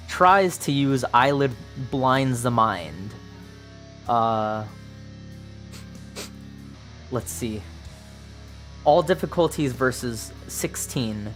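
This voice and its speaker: A man's voice: medium pitch, fairly bright tone. A man casually narrating a solo tabletop game, thinking aloud through dice rolls with plenty of ums.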